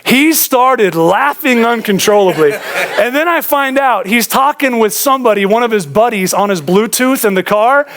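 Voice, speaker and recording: Very high-pitched and expressive, he speaks at normal speed with a fairly bright tone. The pastor's sermon is casual and story-driven, and he addresses the congregation as "guys."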